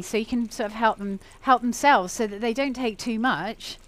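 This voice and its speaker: A woman's voice: on the high side, moderate pace. A middle-aged woman hosting a live cooking show, talking in a chatty, enthusiastic way. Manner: chatty, enthusiastic, warm-hearted rambling. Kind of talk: live cooking demo chat.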